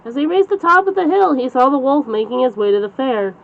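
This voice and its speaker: A woman's voice: sits high, sing-song, fairly quick, creaky. A woman reading a children's bedtime story aloud as the channel's storyteller. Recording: slightly dull lo-fi recording.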